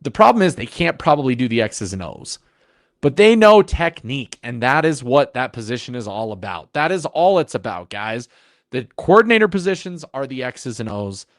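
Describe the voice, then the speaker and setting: A man co-hosting a sports podcast, talking in an animated, emphatic way in long runs. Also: medium pitch, normal speed, no echo, clean studio sound. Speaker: podcast co-host. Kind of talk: casual sports podcast chat.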